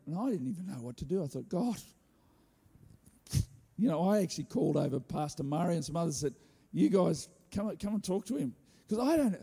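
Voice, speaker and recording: A man preaching a sermon, telling a story with animated delivery and joking asides. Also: high voice, slightly rough. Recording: hall reverb.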